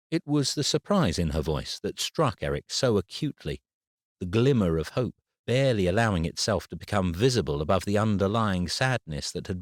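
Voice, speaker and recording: A man narrating an audiobook in a steady, even storytelling manner. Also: fairly low pitch, no room sound, clean studio sound. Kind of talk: scripted narration.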